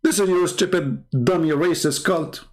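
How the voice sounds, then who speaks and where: A man's voice: fairly high pitch, normal speed. Sarcastic Arabic-native male apologist. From Middle East. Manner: combative, sarcastic, repeats points. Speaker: Christian apologist. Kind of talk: mocking polemic talk.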